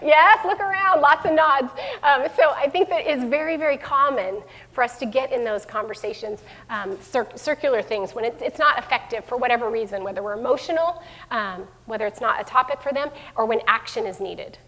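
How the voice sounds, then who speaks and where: A middle-aged woman, who heads a school division, gives a live parenting talk to parents in a room with an audience. Her voice is slightly high, brisk and fairly bright, and she speaks conversationally with lots of fillers and restarts. The recording carries a long hall reverb.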